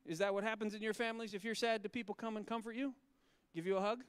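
A male pastor talking gently with children and asking them questions, then reading scripture slowly and solemnly. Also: high voice, steady tone, clean tone, dry recording.

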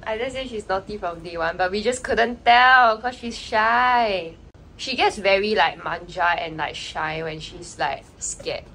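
A woman's voice: mid-range voice, unhurried, fairly bright tone, poor audio. A young woman, chatting casually in a vlog and explaining things with lots of "like" fillers. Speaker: vlogger.

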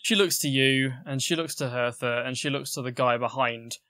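A man narrating as game master of a tabletop game, halting, with many restarts. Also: mid-range voice, heavy background noise. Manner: halting, full of fillers and restarts.

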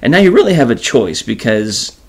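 A man hosting an informal enrichment lesson, animated and chatty as he reads from a children's book. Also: mid-range voice, normal speed. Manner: animated, informal, many fillers. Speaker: host and teacher.

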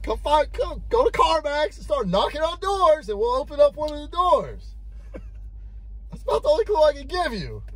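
A young man co-hosting a reaction video, joking crudely and animatedly, sometimes bursting into shouts. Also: extremely high pitch, wildly swooping pitch, brisk, no echo. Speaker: reaction channel co-host. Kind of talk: casual crude banter.

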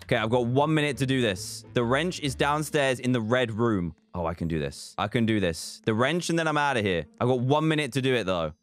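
Animated young man commentating a game. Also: mid-range voice, a little fast, hardly any pauses. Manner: animated, stressed muttering to himself, yelps and cheers. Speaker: gaming video host. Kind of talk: excited gameplay commentary.

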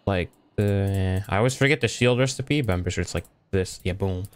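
In this casual let's play, a young man narrates his Minecraft session in a loose, rambling way, as if talking to himself. He's a gaming YouTuber whose low voice moves briskly, with a little hiss or hum on the recording.

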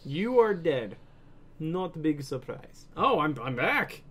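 A young man doing let's play commentary on a horror game, excitable, swearing often and breaking into laughter. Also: a little high, slow, a little hiss or hum. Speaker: gaming video host.

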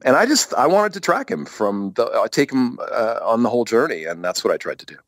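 A man being interviewed as a guest author, speaking in an animated, expressive way in a casual podcast conversation. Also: medium pitch, a little fast, dry recording, clean studio sound.

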